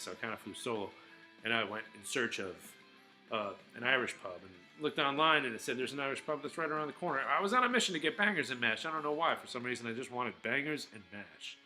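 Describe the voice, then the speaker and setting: A chatty man rambles through a casual vlog, full of fillers and restarts. His voice is bright and forceful at a medium pitch, and faint music plays behind him. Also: poor audio. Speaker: vlogger.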